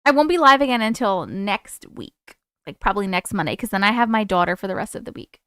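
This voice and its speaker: A young woman hosting a casual livestream, chatty and excitable with her viewers and swearing freely. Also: medium pitch, brisk, clean tone, dry recording, clean studio sound. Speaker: livestream host.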